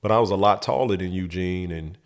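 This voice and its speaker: A man's voice: low-pitched, fairly quick. A middle-aged man hosting his show, telling a comic story in a loose, profane, laid-back way. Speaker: host.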